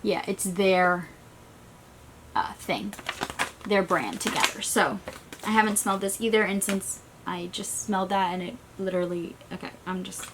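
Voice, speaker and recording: A woman's voice: medium pitch, background noise. Chatty woman unboxing beauty products. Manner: chatty, rushed, trailing off. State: recovering from a migraine. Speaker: beauty vlogger. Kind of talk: casual unboxing chat. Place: small stuffy room.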